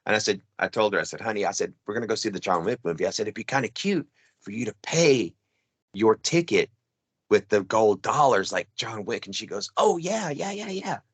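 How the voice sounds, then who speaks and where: A man's voice: lowish voice, a little fast, breathy edge, no room sound. A middle-aged man chatting casually as a show host, telling a story in loose rambling bursts with plenty of restarts. His voice sounds dry and close, with no room around it. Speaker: podcast co-host. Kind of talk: casual chat.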